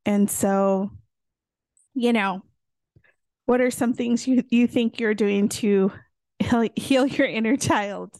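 Slow-paced and pausing often, a woman with a voice on the high side co-hosts a podcast, chatting casually and telling animated stories with many fillers. It's a dry, studio-quality recording.

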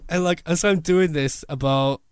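Animated man telling a story. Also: a little high, moderate pace, clear, resonant tone, dry recording, clean studio sound. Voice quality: animated, laughs often. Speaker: photographer guest. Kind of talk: casual storytelling.

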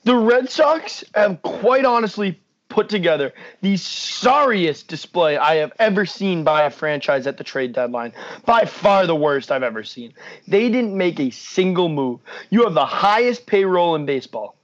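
A man's voice: sits high, animated, normal speed. A young man co-hosting a casual sports podcast, blunt and ranting, swearing freely. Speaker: podcast co-host. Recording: dull lo-fi podcast mic.

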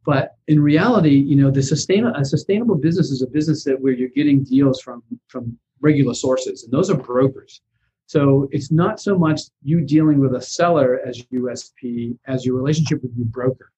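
A husky-voiced man who invests in real estate, talking casually and animatedly as an interview guest. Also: mid-range voice, brisk, warm tone, highs cut off, a little hiss or hum.

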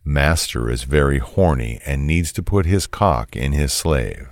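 A cold, menacing controlling man gives orders in a flat, commanding way, as a narrator reads him out. His voice is extremely deep and unhurried. The sound is dry and close. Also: dry recording, exaggerated voice.

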